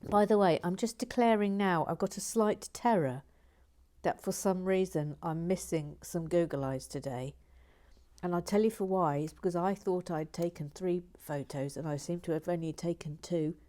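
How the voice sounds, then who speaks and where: Chatty woman, soft low voice. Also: normal speed. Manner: chatty, playful, laughs and mock-outraged. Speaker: host building and reading comments. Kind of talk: casual chat while building.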